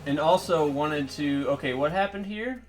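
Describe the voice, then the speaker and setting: A man's voice: fairly high pitch, moderate pace, soft background music. A man streaming a game and rambling through a long story in casual commentary, trailing off and restarting often. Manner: rambling, digressive, with fillers and trailing off.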